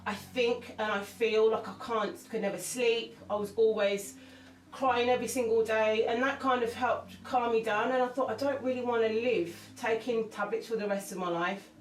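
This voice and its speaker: On the high side with a steady tone and moderate pace, a female singer shares candid, emotional thoughts in an interview, rambling with frequent restarts. She's recorded at a distance in a roomy space, faint music playing.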